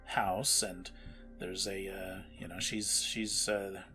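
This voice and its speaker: A man narrating a tabletop game as game master, halting with many fillers and restarts. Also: sits low, level tone, bright, forceful tone, faint music behind.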